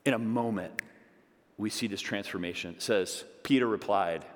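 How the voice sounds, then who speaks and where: A male pastor preaching a sermon, moving between loud, emphatic pleas and hushed asides. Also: lowish voice, normal speed. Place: church sanctuary. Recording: long reverb of a large hall.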